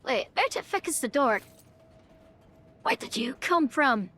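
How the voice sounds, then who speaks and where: A woman's voice: high-pitched, big pitch swings, unhurried, fairly bright tone, slight background noise. A woman with a Northern Irish accent, chatting and swearing casually while streaming a game live. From Northern Ireland. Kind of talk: live gameplay commentary.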